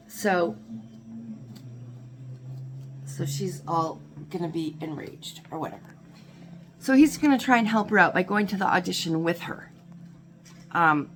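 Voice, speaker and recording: A woman's voice: on the low side, a little hiss or hum. A woman casually retelling a movie's plot, rambling and full of "like" and "you know", breaking off for small asides. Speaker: movie explainer.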